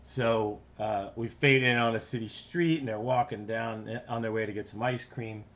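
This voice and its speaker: A man's voice: lowish voice, fairly even intonation, normal speed, fairly bright tone. A man, an animator, chatting casually on a live stream while he works, rambling and talking to himself. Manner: rambling, self-talk while working.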